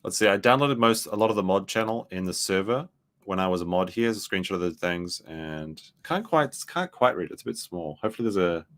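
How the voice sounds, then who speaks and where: A man's voice: sits low, lively intonation, brisk, fairly bright tone. A man giving casual, rambling reaction commentary, full of fillers. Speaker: commentary streamer.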